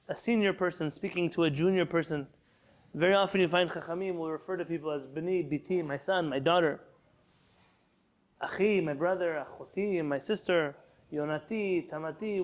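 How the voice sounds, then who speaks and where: A man with a high voice leads a class for students in the room, reading Hebrew lines aloud and then translating and explaining them. He teaches in a lively, storytelling way. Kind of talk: lecture class.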